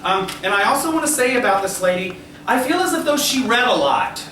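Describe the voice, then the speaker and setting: A man with a high, light voice gives a psychic reading to a crowd, constantly checking in with his listener and chuckling along the way. He is picked up from a distance, so the sound is roomy and echoing. A steady background noise runs underneath. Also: fairly quick. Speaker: psychic medium. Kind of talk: live mediumship demonstration. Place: restaurant dining room before a seated audience.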